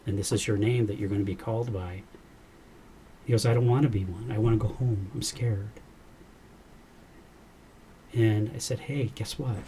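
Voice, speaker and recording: In a podcast interview, a man with a somewhat low, slightly mellow voice sincerely shares a personal story and quotes what was said. There's a little hiss or hum in the background.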